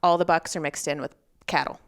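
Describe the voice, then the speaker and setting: A woman guest on a podcast, telling a story in a casual, animated way and acting out what people said. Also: low-pitched, a little fast. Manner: animated, acts out quoted dialogue. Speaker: hunting guest.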